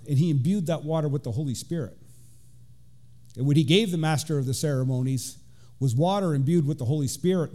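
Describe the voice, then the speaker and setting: Mellow-voiced deacon giving a casual sermon. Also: male voice, fairly high pitch. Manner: conversational, with frequent fillers and restarts. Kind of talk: informal sermon with scripture reading.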